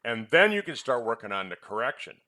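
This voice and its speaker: A man's voice: medium pitch, sing-song, brisk, sharp tone. A man who presents health products and once ran a clinic, chatting in a rambling way and teasing his co-host with quiz questions. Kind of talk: casual chat about supplements.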